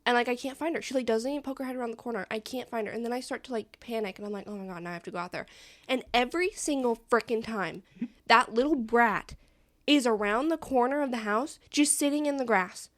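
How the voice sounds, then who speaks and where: A young woman with a slightly high voice co-hosts a casual podcast chat. She tells her story in an exasperated, venting tone. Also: fairly quick. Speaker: podcast co-host.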